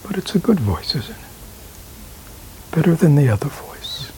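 A man giving a meditation talk and answering questions, halting with many fillers and asking "right?" often, sometimes dropping to a whisper. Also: fairly high pitch, sing-song, a little mellow, a little hiss or hum. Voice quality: often drops to an unvoiced whisper. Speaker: meditation teacher.

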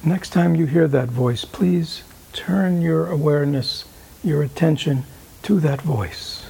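Male meditation teacher, fairly high yet dark, gravelly voice; halting talk that dips into whispers. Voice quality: often drops to an unvoiced whisper. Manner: halting, many fillers, rhetorical "right?". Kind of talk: dharma talk answering questions.

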